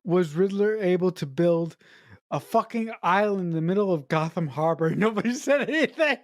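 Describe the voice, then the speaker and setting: Incredulous, expressive woman co-host. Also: lowish voice, normal speed, no room sound, studio quality. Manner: incredulous, emphatic, swears for emphasis. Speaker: podcast co-host. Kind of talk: casual movie-review chat.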